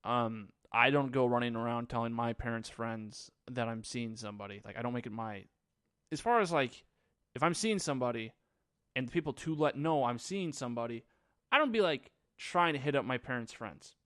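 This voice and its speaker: Male solo reviewer, rambling and sarcastic, smooth voice pitched a bit high, dry close sound. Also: moderate pace, a bit bright, no echo. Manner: rambling, sarcastic, lots of fillers. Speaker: movie reviewer. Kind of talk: casual solo movie recap.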